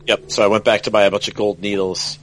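A man's voice: lowish voice, flat delivery, fast, fairly bright tone, a little hiss or hum, poor audio. A man co-hosting a casual podcast, rambling and restarting phrases as he thinks aloud. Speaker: podcast co-host.

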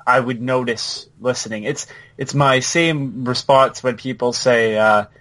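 A man co-hosting a podcast, chatting casually and quickly about a video game with many asides. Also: medium pitch, steady tone, fairly bright tone. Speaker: podcast co-host.

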